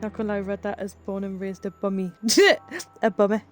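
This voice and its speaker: A woman's voice: medium pitch, animated, normal speed, faint music behind. A young woman with a Geordie accent chatting casually with viewers on a live stream, reading chat aloud, swearing and laughing as she goes. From Northeast England.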